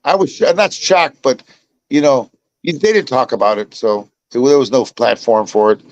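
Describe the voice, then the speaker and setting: A man's voice: mid-range voice, normal speed, dry recording, muffled recording. An older man from Chicago, a podcast host telling stories in a rambling way, with many restarts and repeats. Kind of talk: casual chat.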